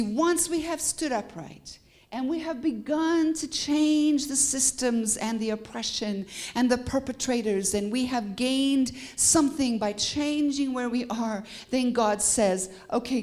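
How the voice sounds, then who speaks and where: A woman's voice: fairly high pitch, unhurried, a little mellow. A woman from Canada with a Canadian accent, a guest preacher delivering a sermon with emphatic rising peaks and bits of humor.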